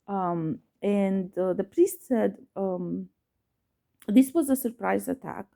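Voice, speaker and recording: Speaking slowly with vocal fry and a dark tone, this mid-range female voice belongs to a vlogger sharing a personal story on camera. Her delivery is halting, full of fillers and false starts, and she presses her points by repeating them, cursing when upset.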